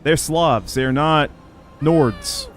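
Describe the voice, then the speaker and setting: A man's voice: fairly high pitch, animated, drawn-out words, faint music behind. A man streaming gameplay live, chatting with viewers in an opinionated, talkative way.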